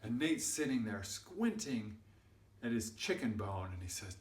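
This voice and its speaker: A man spinning a goofy tale for kids, swinging between quiet asides and big, bellowing peaks. His voice sits in a middling pitch and comes across roomy, from a mic set some distance away. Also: very animated, a little slow. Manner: exaggerated, builds up to loud shouts. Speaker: storyteller and channel host. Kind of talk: animated children's storytelling.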